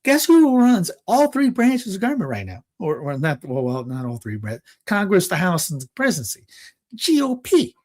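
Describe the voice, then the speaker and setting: Man, fairly high voice, casual news commentary, sarcastic asides, restarts and fillers. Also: wildly swooping pitch, moderate pace, a little mellow. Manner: reads headlines aloud, then adds sarcastic asides with chuckles; frequent restarts and filler words. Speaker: political commentary host.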